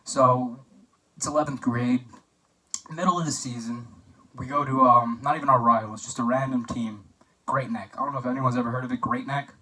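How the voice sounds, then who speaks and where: A young man delivering a mock wedding toast, loose and joking as he tells stories about an old friend. His voice is bright and forward, and he sounds a little off the mic, as if standing back from it. He talks casually, with frequent fillers. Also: medium pitch, fairly even intonation, fairly quick, recorded from a distance, rough recording. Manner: chatty and joking, with filler words and anecdotes.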